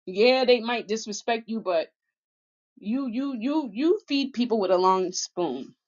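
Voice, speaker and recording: A woman's voice: a little high, animated, measured pace. Woman vlogger, candid and emotional, plain-spoken, muffled lo-fi recording. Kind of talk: personal vlog monologue. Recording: dull lo-fi audio.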